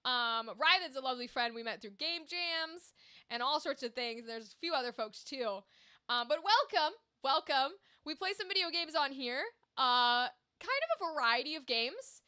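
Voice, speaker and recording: Young woman, high voice, game stream host, rambling casual chat with viewers. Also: expressive, normal speed, bright, forceful tone. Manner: chatty and rambling, talks straight to chat. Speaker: livestream gamer and host.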